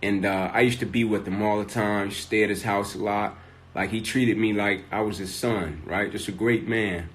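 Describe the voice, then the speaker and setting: A man's voice: lowish voice, fairly even intonation, normal speed. A man, a motivational speaker, telling a personal story on a live stream from his phone, tagging almost every sentence with "right?" and building in intensity as he goes.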